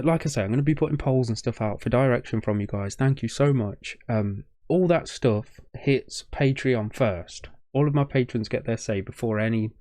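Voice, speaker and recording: A man's voice: medium pitch, dark tone, no echo, studio quality. A young man hosting a reaction video, choked up with a shaking voice, rambling and stumbling over his words in casual commentary.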